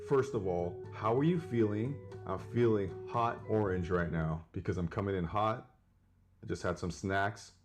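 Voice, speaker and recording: Young male comic, slightly low voice, earnest rambling painter-guru monologue. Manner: earnest self-help delivery, rambling with restarts. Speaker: comedic painter. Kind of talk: mock painting tutorial monologue.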